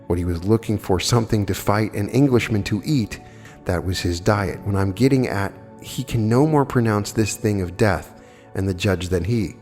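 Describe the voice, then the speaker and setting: Low-voiced man lecturing in a reverberant hall. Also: a little mellow. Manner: plainspoken, argumentative, rhetorical questions. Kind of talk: spoken lecture with audience questions. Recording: old archive lecture with long hall reverb and faint music.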